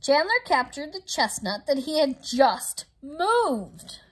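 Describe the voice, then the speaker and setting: Slow, expressive woman reading a storybook. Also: high-pitched. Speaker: children's story reader. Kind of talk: storybook read-aloud.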